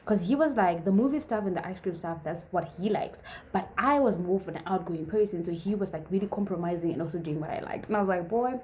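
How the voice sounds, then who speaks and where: A woman's voice: fairly low pitch, quick pace, a little mellow. A young woman in her twenties casually telling a personal story, chatty and full of fillers, acting out the dialogue. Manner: chatty, filler-heavy, acts out quoted dialogue. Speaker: vlogger.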